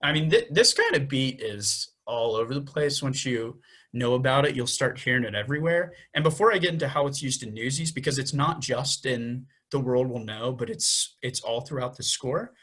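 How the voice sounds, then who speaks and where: A man's voice: medium pitch, animated, moderate pace, a bit bright. Man, young adult, podcast co-host, casual explainer, counts beats aloud. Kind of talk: casual music-theory explainer.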